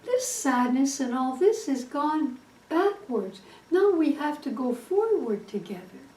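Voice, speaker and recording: A woman voicing a loving husband back from the war, speaking gently and pleadingly, with a high voice in an echoey room. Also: sing-song, measured pace. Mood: tender. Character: loving husband home from war, tender man. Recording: echoey room, distant mic.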